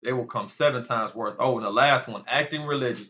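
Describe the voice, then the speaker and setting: A man's voice: mid-range voice, fairly quick, pushed and bright, highs cut off. A man giving a casual sermon-style Bible lesson, talking to his viewers as family. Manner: conversational, addresses viewers as family. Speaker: online Bible teacher.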